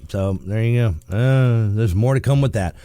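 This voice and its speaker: A man hosting a morning talk radio show, sarcastic and quick to laugh as he comments on the news. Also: on the low side, dark tone, clear, resonant tone, no room sound. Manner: joking and sarcastic, laughs often. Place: radio studio.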